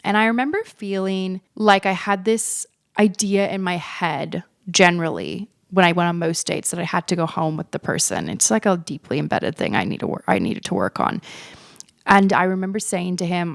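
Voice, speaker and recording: A podcast host in her thirties tells a personal story in a frank, chatty, self-mocking way, swearing freely. Her fairly low voice is animated, a little fast and has vocal fry. The recording is dry and studio quality.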